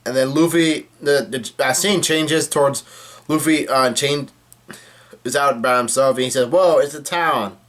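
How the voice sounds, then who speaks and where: Casual halting man recapping a comic. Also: mid-range voice, steady tone, a bit bright. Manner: halting, with many fillers and restarts. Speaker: manga reader recapping a chapter.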